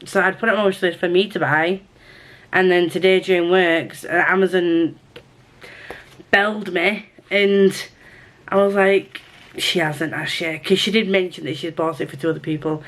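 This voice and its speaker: A woman's voice: fairly low pitch, normal speed. Chatty woman book vlogger. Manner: chatty, excitable, with restarts and repeated words. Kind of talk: casual chat to camera.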